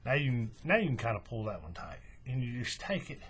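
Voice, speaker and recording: A man's voice: mid-range voice, a little fast, a little hiss or hum. A man hosting a hands-on craft tutorial, talking casually step by step while he works with his hands. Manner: relaxed, folksy, talks while working with his hands.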